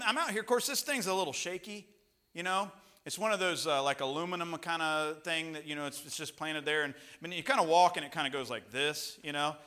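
A man preaching a sermon as pastor, chatty and rambling with asides, rising to loud, emphatic peaks. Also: sits high. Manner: conversational, rambling with asides and restarts.

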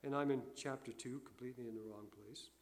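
An older man preaching a sermon in a folksy storytelling way, alternating loud emphasis with quiet asides. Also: mid-range voice, fairly even intonation, fast. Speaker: pastor.

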